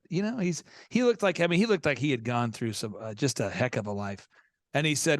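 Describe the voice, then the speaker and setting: A male podcast host tells stories with high energy and voices both sides of each conversation. His voice sits high and swoops widely. The studio recording is close and dry. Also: animated, fairly quick, no echo. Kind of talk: animated storytelling.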